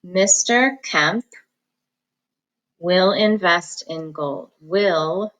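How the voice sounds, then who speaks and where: A woman teacher giving an online phonics lesson, dictating sentences slowly and sounding out each syllable. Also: fairly low pitch, a bit bright, poor audio. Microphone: recorded at a computer for students at home.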